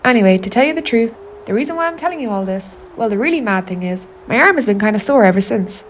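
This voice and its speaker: A woman's voice: a little high, animated, fast talker, slight background noise. Wry, sweary Irish woman confiding. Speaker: narrator of an autofictional audio artwork. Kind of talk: confiding spoken-word monologue.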